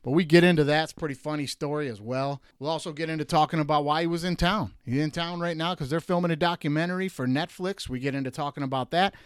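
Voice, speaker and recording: A man from Detroit hosting a sports show, ranting with exasperated emphasis and jumping up high when he mocks. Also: quick pace, few pauses, smooth, dry recording, studio quality. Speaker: podcast host. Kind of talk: animated sports rant.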